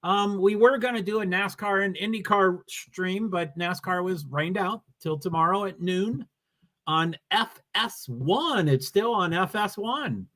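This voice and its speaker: A man hosting a relaxed livestream wanders from audience comments to racing news, reading them out at a measured pace. He has a New England accent and a bright, forceful voice that sits high for a man.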